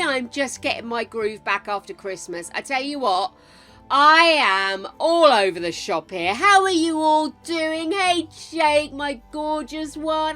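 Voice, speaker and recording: Older woman, game streamer, bright high voice, affectionate chatter, soft music behind. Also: animated, unhurried. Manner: chatty, showers viewers with endearments. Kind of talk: casual live-stream chat.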